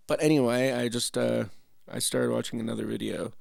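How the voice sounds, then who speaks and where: Gravelly man ranting through reaction commentary. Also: mid-range voice, brisk, a little mellow, dry recording, studio quality. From Canada. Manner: rambling, profane, laughing asides. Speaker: host.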